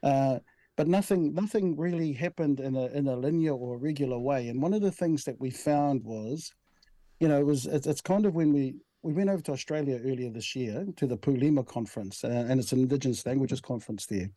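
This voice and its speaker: A man's voice: mid-range voice, fairly quick, warm tone, no echo. A man in his sixties with a New Zealand accent, the head of a language commission, telling stories in an easygoing interview. He often restarts his sentences and drops in "bro" and "right?". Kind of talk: relaxed conversational interview.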